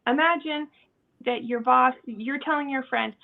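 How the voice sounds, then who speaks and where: High-voiced woman on a tinny line. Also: measured pace, creaky. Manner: acts out quoted dialogue, laughing often. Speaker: podcast host. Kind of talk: casual podcast chat. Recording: tinny phone-like audio.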